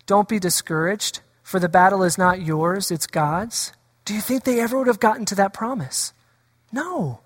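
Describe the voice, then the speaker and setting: A pastor with a mid-range voice preaches a sermon at a moderate pace in a reverberant church sanctuary. He poses rhetorical questions to the congregation and acts out the quoted voices of scripture.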